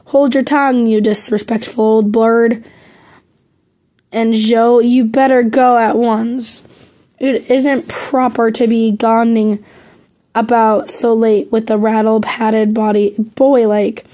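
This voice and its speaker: A woman voicing a gruff, sharp-tongued older aunt while reading a storybook aloud, in a slow, dark voice. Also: fairly high pitch, little pitch movement. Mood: scolding. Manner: gruff, scolding.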